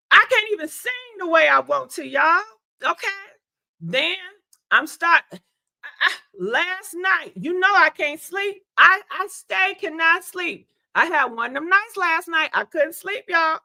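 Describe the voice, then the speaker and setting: A woman talking casually to her livestream viewers, calling them y'all and honey and laughing a lot. Her voice sits high and bright, roughened by a congested throat from being sick. The sound is close and dry. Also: slow pace, no room sound. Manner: chatty, animated, laughs often, addresses viewers as y'all and honey. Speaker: livestream host.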